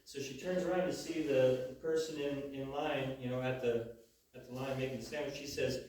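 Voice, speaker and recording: Stand-up comic, man in his thirties, halting delivery with lots of uhs, heard from far off in an echoey room. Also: medium pitch, steady tone, a little mellow. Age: 30s. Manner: halting, full of uhs and repeated starts. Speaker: stand-up comedian. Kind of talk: stand-up comedy set. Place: comedy venue before a live audience.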